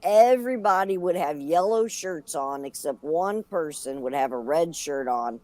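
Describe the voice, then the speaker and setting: A woman's voice: low-pitched, expressive, a little slow, a little mellow, no room sound. A woman in casual chat, explaining things with a chuckle. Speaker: podcast co-host.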